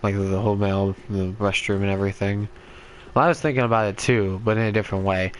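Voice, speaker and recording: A man's voice: lowish voice, fairly even intonation, fast, slight background noise. Rambling young man chatting over gameplay. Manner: rambling, laughs often, many fillers. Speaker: gaming channel host. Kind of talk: casual chat while playing a game.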